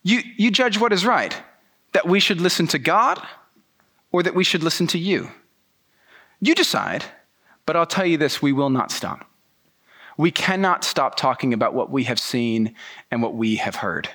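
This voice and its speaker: A man's voice: on the high side, expressive, moderate pace, pauses often, exaggerated voice. A man voicing a bold male preacher who proclaims defiantly. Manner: forceful proclaiming. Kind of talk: sermon storytelling.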